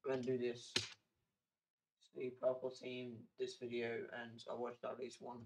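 A man's voice: medium pitch, completely flat delivery, a little slow, background noise. A young man from the UK chatting casually on a live stream, rambling with restarts and sudden exclamations. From United Kingdom.

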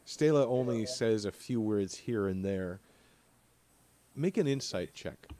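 A man narrating as game master of a tabletop game, halting, with many fillers and repeated words. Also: on the low side, lively intonation, mellow, no room sound.

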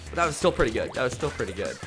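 A man streaming a video game late at night, tired and rambling, with sudden bursts of shouting. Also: medium pitch, sing-song, very fast, faint music behind. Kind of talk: live gameplay commentary.

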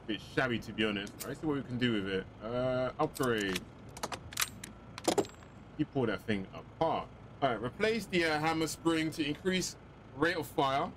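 A man giving chatty, excitable let's-play commentary with joking asides. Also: medium pitch, normal speed, a little hiss or hum. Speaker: gaming commentator.

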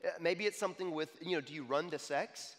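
Male pastor in his 30s, slightly high voice, lively talk-style sermon, hall reverb. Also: quick pace. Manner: animated, repeats "okay?" to the crowd. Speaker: young adults pastor. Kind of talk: conversational sermon.

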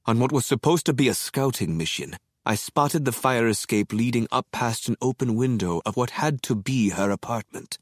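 A man narrating an audiobook in the first person, measured, deliberate and quietly menacing. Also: fairly low pitch, dry recording, clean studio sound.

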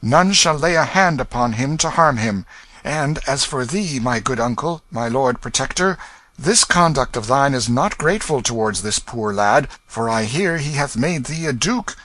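A man voicing a young king who speaks in a commanding, measured, old-fashioned manner. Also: medium pitch, expressive, sharp tone, dry recording, pitched above the performer's own voice. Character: young true king, firm yet kind.

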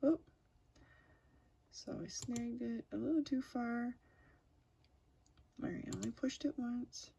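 Slow, gravelly woman thinking aloud. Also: mid-range voice, a little mellow, a little hiss or hum. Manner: hesitant, self-deprecating, thinking aloud with many ums. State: has the hiccups. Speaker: crafter demonstrating software. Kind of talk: casual screen-recorded tutorial.

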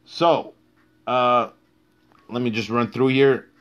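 A man's voice: medium pitch, steady tone, takes it slowly, a bit bright. A man hosting a live-streamed boxing talk show, speaking bluntly and cursing heavily for emphasis. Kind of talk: live-streamed casual commentary.

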